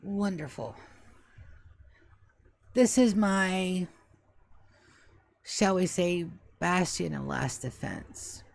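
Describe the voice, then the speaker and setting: An ancient tree spirit speaks with slow, stately formality, as if weighing every word like an old butler, voiced by a woman in a tabletop game. The voice sits low and gravelly, and it stays soft and hushed. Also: exaggerated voice. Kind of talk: tabletop game role-play.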